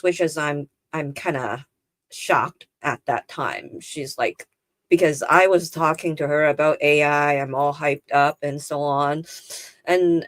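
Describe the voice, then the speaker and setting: A woman speaking as an interview guest, thoughtful and measured, with frequent fillers. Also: low voice, no room sound. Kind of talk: casual conversational interview.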